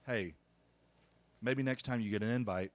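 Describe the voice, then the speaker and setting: A man's voice: fairly low pitch, moderate pace, no echo. A middle-aged man, a pastor hosting a podcast, telling a family story earnestly with frequent restarts. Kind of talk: casual podcast conversation.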